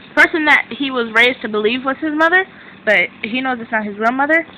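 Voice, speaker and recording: Excitable young woman rambling on webcam, bright voice, faint traffic noise in the room. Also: sits high, moderate pace, rough recording. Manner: excitable, rambling, self-interrupting. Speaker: drama reviewer. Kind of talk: casual chat recap.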